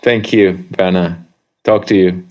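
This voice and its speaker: Deep-voiced halting podcast host, a man. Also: steady tone, darkish tone, highs cut off. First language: German. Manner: friendly, halting, repeats words. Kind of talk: casual interview.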